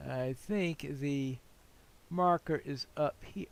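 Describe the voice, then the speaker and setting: A man talks over his gameplay in a relaxed let's-play style. His voice sits a little higher than most men's. He muses and wanders from thought to thought, often poking fun at himself. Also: slow pace, no echo. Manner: rambling, self-deprecating musing. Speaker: gameplay commentator. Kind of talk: casual let's-play commentary.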